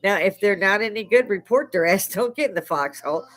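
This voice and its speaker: A woman's voice: mid-range voice, lively intonation, a little fast, fairly bright tone, faint music behind, rough recording. An older woman from Chicago hosting a casual live stream chat, salty and profane, laughing often between stories. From Chicago, United States. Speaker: live stream host, army veteran.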